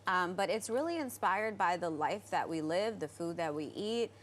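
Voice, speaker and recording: A woman speaks as a guest on a live morning TV show, upbeat and eager as she promotes her business. Her voice sits a little low for a woman. She is recorded on a studio set with a lapel mic, and faint background noise sits under her. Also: animated, normal speed. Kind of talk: live TV interview.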